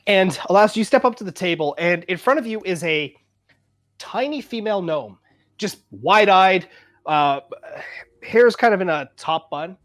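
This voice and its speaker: A man's voice: high voice, measured pace. A man from Canada narrating a tabletop game as game master, loose and chatty. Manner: loose, lively narration with many fillers.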